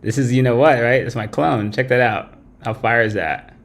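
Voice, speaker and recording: Brief: male livestream host, mid-pitched, profane and blunt, ranting to his chat. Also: normal speed, gravelly. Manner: blunt, heavy swearing, tags lines with "right?". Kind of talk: profane late-night stream rant.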